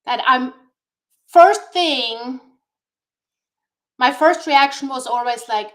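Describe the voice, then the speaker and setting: Slow-speaking high-voiced woman guest. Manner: slow, deliberate, encouraging. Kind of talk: motivational talk-show chat.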